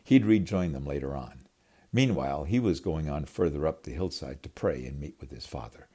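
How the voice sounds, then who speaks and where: A man delivers a storytelling sermon in a very low, husky, mellow voice. His pitch swings widely as he dramatizes the scenes. He speaks to his listeners as his friends. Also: lively intonation, normal speed. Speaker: preacher.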